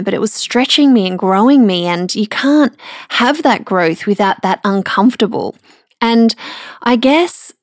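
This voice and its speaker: A woman's voice: mid-range voice, no echo. Tearful woman, dry close sound. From Australia. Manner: candid and emotional, halting with restarts. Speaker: podcast host. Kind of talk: personal podcast monologue.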